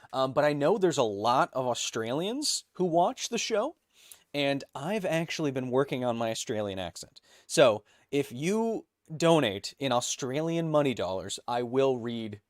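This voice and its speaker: Recorded with clean studio sound and no room sound, a medium-pitched man in his thirties hosts a relaxed live stream. Between coughing fits, he reads viewers' chat messages aloud and cracks jokes with quick asides.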